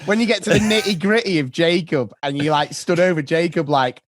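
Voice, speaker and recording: A teacher guesting on a podcast, chatting casually and acting out classroom scenes. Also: male voice, on the high side, fairly quick, few pauses, no room sound, studio quality. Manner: animated, acts out classroom scenes. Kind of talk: casual chat.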